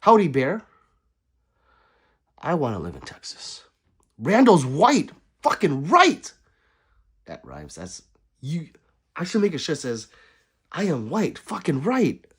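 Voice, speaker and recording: A man hosting a livestream, chatting casually and reading out viewer comments, swinging between loud remarks and quiet asides. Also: on the high side, huge pitch swings, slow pace, long pauses, husky. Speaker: livestream host.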